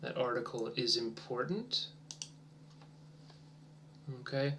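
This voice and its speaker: A man with a slightly high voice and huge pitch swings leads an English lesson as a demonstration for teachers. His style is drawn-out and encouraging, with soft near-whispers as he waits for answers.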